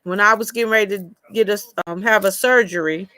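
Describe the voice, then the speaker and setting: A woman's voice: medium pitch, fairly quick, bright, forceful tone, no echo. Chatty woman with a dry, close sound. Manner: rambling personal storytelling, greets chat viewers. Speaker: live chat host. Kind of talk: casual live chat.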